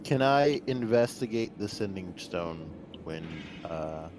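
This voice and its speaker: A man's voice: on the low side, expressive, slow pace, background noise. A man playing in a tabletop game, talking hesitantly with many restarts and fillers. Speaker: player.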